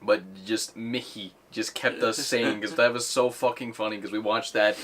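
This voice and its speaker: A man's voice: lowish voice, flat delivery, moderate pace, fairly bright tone. A man hosting a podcast in casual chat, rambling with many fillers and restarts. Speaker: podcast host.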